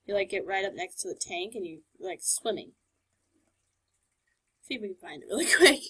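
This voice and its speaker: A woman's voice: medium pitch, expressive, normal speed, a bit bright, husky. A woman commenting on her own playthrough of a game, chatty and sarcastic, talking back to the characters on screen. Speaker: gamer. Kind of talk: let's play commentary.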